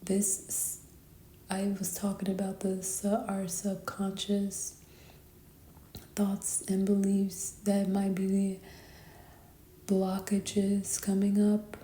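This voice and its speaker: A tired woman giving a spiritual tarot reading, talking sleepily and softly, often half whispering. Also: medium pitch, monotone, reverberant, slight background noise. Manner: sleepy, slow and soft-spoken, often whispering. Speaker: tarot reader.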